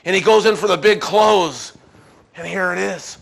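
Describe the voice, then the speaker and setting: A middle-aged man, leading a real estate sales seminar, brash and loud, firing questions at the audience and shouting for emphasis. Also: high-pitched, vocal fry. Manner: brash, rapid-fire, shouts for emphasis, asks the room questions. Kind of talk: live seminar talk to an audience.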